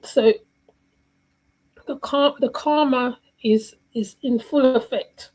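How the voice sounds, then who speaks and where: A woman's voice: high voice, takes it slowly, a little mellow, rough recording. A woman giving casual reaction commentary on a livestream, rambling and repeating herself while she searches for words.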